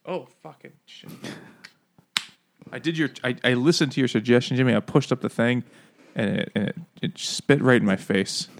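A man's voice: mid-range voice, a little fast. A man co-hosting a casual podcast, riffing sarcastically and laughing often. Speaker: podcast co-host. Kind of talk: casual chat.

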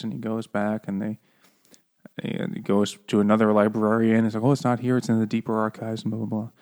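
A man's voice: fairly low pitch, completely flat delivery, fairly quick, darkish tone. A man chatting casually in a book club, joking, swearing and laughing often. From raised Catholic. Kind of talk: casual chat.

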